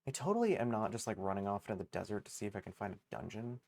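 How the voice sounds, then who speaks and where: A man's voice: fairly low pitch, sing-song, racing, creaky, darkish tone. A man streaming a game live, chatting casually in a rambling, self-mocking way and swearing freely. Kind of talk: casual gaming livestream chatter.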